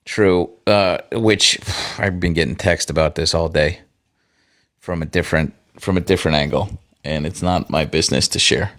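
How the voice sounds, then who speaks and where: A man with a low, deep voice hosts a livestream and talks straight to his viewers. His chat is loose and casual, full of sarcasm and swearing. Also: normal speed, fairly bright tone. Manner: sarcastic, profane banter with viewers. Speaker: livestream host.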